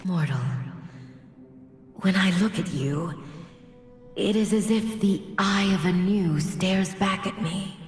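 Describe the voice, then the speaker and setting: A woman's voice: mid-range voice, slow pace, long pauses, close to an everyday voice. An actress voicing a solemn, ancient female angel in a game, speaking in a grave and formal way. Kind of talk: game cutscene voice acting. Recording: reverberant hall with faint music.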